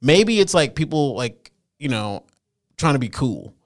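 A man's voice: medium pitch, sing-song, a little slow. A young man hosting a podcast, chatting casually and joking, laughing often and swearing freely. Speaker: podcast host, comedian.

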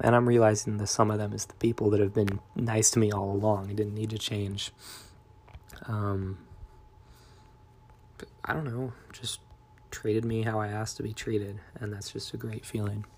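A young man talks straight to his viewers in a loose, wandering monologue that drifts from one thought to the next. His voice sits low and stays fairly monotone. It is full of fillers and trailing asides. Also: measured pace, pauses often, slight background noise. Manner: rambling, meandering, many fillers and trailing thoughts. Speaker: vlogger. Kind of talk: casual rambling monologue.

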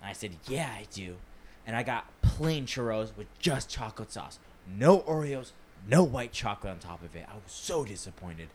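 Low-pitched guy co-hosting a casual podcast, excitable and sweary, faint hiss behind him. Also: normal speed. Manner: excitable, swearing, jumps to high pitch when thrilled. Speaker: podcast co-host.

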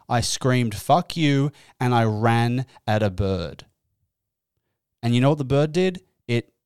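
Animated man, dry close sound. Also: mid-range voice, clean tone, dry recording. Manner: animated, exasperated, swears freely. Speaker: podcast host. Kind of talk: comedic storytelling podcast. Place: indoors.

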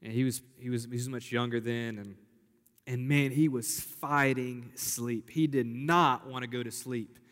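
A man's voice: mid-range voice, fairly even intonation, a little slow, fairly bright tone. A young man preaching a sermon in an earnest, conversational way, repeating phrases for emphasis. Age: young adult. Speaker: pastor. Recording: hall reverb.

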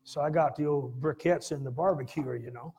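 A middle-aged pastor telling a folksy, laughing story in a sermon, with sudden loud bursts. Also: male voice, on the high side, fairly quick.

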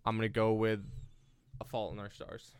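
A man's voice: on the low side, completely flat delivery, moderate pace. A man co-hosting a casual podcast chat, rambling and hesitant, often trailing off and starting over. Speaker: podcast co-host.

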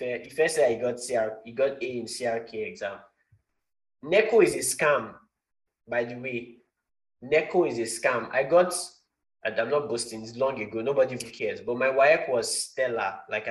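A young Nigerian man leading an interactive Bible class, talking conversationally, quizzing his students and stressing key points. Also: mid-range voice. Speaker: Bible teacher. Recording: roomy echo.

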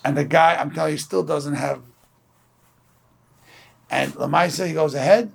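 A man's voice: a little high, normal speed, gravelly, husky. A man from Brooklyn giving an informal Torah lecture, telling stories in a conversational way and acting out the people he quotes. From Brooklyn, New York. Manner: conversational, storytelling with animated quoted voices. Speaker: Torah class teacher.

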